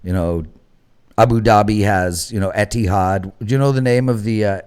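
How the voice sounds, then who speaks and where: A man's voice: lowish voice, moderate pace, a little mellow, smooth. A man from Canada hosting a sports betting talk show, joking and teasing his co-hosts. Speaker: host.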